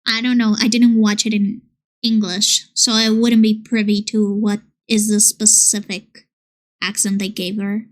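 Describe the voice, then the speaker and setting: A woman's voice: mid-range voice, level tone, measured pace. A woman streamer chatting casually and playfully with her viewers, reading their messages aloud. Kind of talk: casual live-stream chat.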